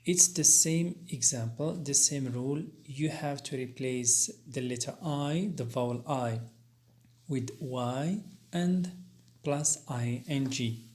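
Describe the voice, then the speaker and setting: A man with a medium-pitched, slightly mellow voice explains spelling rules in an English grammar lesson. He goes slowly and deliberately, pausing carefully and using fillers as he spells out letters.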